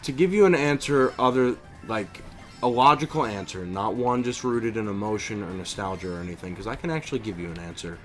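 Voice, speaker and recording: A young man streaming a video game, chatting casually in an animated, opinionated way, with lots of fillers and restarts. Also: on the low side, brisk, soft background music. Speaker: streamer and voice impressionist. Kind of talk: casual chat while gaming.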